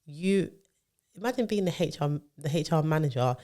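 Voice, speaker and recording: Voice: mid-range voice, lively intonation, moderate pace, darkish tone. A podcast co-host, telling a long story in casual chat, full of fillers and restarts.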